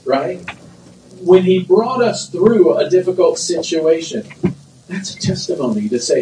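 A man's voice: fairly high pitch, lively intonation, measured pace, dark tone, a little hiss or hum. A man preaching a sermon as pastor, emphatic, repeating phrases and drawing responses from the congregation. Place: church sanctuary. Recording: roomy church echo, distant mic.

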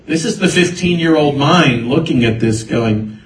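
A man's voice: fairly high pitch, a little slow, far from the mic, crowd noise. Man preaching in an echoey church. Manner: storytelling, animated quoting of others. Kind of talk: sermon with personal testimony. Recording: roomy echo, voice from afar.

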